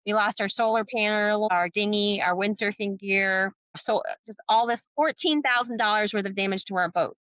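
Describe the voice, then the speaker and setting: Bright, animated woman telling sea stories. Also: mid-range voice, normal speed, few pauses, clear, resonant tone, dry recording, dull audio. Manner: animated storyteller, acting out dialogue. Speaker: guest, sailor and author. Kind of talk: storytelling in a podcast interview.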